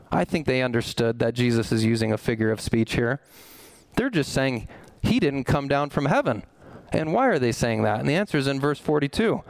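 A man's voice: mid-range voice, clear, resonant tone, dry recording, poor audio. A man preaching a sermon as pastor, asking rhetorical questions and acting out the objections of doubters.

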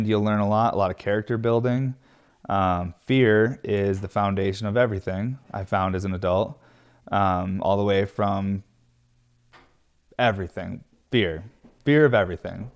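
Rambling, swearing man, lowish voice. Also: smooth. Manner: rambling, many fillers, swears freely. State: stressed. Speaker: glass studio owner. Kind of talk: candid casual vlog talk.

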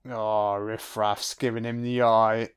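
Profane, slow-talking male film commentator. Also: fairly low pitch, clean tone. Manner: profane, excitable running reactions. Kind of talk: audio-only film commentary.

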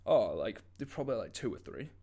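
A man's voice: mid-range voice, sing-song, brisk, dark tone. A young man co-hosting a podcast, telling stories in a rambling, laid-back way with lots of fillers. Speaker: podcast co-host. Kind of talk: casual chat.

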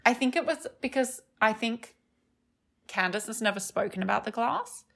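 A woman co-hosting a podcast, chatting casually and tossing in quick asides. Her voice is gravelly with vocal fry. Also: on the high side, animated, a bit bright. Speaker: podcast co-host. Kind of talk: casual recap chat.

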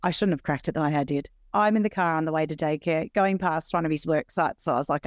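Wry Australian woman in her thirties, lower voice. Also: a little fast, hardly any pauses, no echo, clean studio sound. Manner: chatty, wry, laughs easily. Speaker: podcast co-host. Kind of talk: casual chat.

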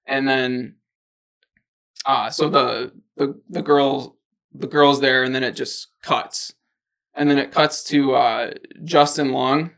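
A man's voice: mid-range voice, fairly even intonation, slow, creaky, fairly bright tone. A man co-hosting a podcast, retelling a movie plot in casual chat, rambling with lots of fillers. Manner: rambling storyteller, many fillers like "like" and "or whatever". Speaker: podcast co-host.

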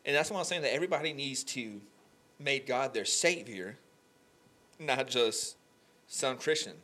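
A young man telling an emotional faith story on a podcast, animated and full of "like" fillers. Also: mid-range voice, measured pace. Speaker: podcast guest. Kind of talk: candid faith conversation.

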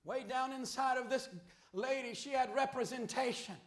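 High, bright-voiced preacher shouting in an echoey church. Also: male voice, fairly even intonation, normal speed. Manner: preaching with rising shouts and rhetorical questions. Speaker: pastor. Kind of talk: fiery sermon. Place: church sanctuary.

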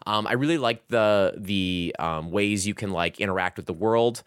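A man's voice: fairly low pitch, moderate pace, smooth, no room sound, studio quality. A man hosting a casual video game chat, rambling and full of filler words. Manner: rambling, heavy use of "like" and "um". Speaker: podcast host reviewing a video game.

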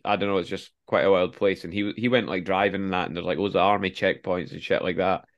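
A man's voice: sits low, steady tone, lo-fi sound. A young man co-hosting a podcast, chatting casually and teasing his co-host with dry jokes. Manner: quick, teasing banter with laughs. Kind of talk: casual chat.

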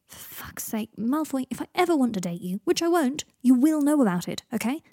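A woman's voice: a little high, lively intonation, quick pace, warm tone, dry recording, studio quality. A woman voicing an irritable young wizard man who talks in a curt, exasperated way, in a storybook reading.

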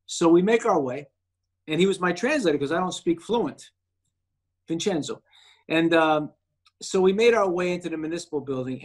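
Male actor guest, higher pitch, animated storyteller. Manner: animated storyteller acting out quoted voices. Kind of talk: casual storytelling.

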